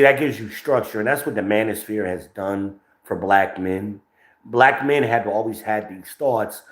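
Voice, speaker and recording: On the low side and bouncing around an echoey room, the voice belongs to a New Jersey podcast host with a New Jersey accent. His livestream commentary is profane, brash and rambling, recorded only on a phone without a mic.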